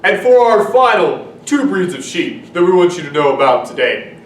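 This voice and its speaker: A man playing a lively teasing announcer. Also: sits high, moderate pace. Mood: announcing. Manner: playful announcer delivery, handing off to segments. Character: upbeat male TV-style announcer, teasing. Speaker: agriculture teacher. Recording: roomy, distant mic, faint noise.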